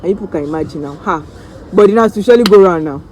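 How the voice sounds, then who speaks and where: A Nigerian woman vlogger telling a story-time tale in an animated, dramatic way, acting out the voices of the people in it. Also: on the low side, rapid-fire, slight background noise, poor audio.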